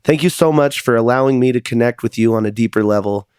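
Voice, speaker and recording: A man's voice: medium pitch, fast, darkish tone, clear, resonant tone, no echo. Guy on his podcast telling his life story, earnest and confessional, medium voice, dry close sound. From United States. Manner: earnest, confessional, repeats words when emotional. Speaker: podcast host. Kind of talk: personal storytelling monologue.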